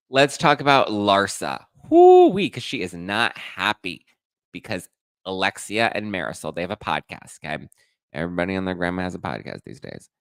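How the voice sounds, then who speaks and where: A man in his thirties hosts a casual gossip livestream, dishing with sass and tossing off quick asides and curse words. His voice sits on the low side, and the recording is close and dry with no room echo. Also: creaky, a bit bright. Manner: sassy, dishy, swears freely with quick asides. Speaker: pop culture podcast host.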